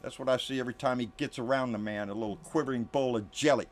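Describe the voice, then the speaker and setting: A man hosting a political commentary channel, delivering an angry, profane rant to camera. He keeps calling the listener "baby" and often sinks into low, muttered asides. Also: fairly even intonation, fast.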